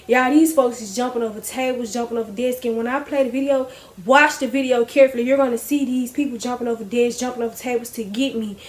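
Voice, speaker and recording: Young woman, high voice, chatty storytime vlogger; animated, talks straight to viewers. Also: fast talker. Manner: animated, chatty, addresses viewers as y'all, laughs often. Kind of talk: casual storytime chat to viewers.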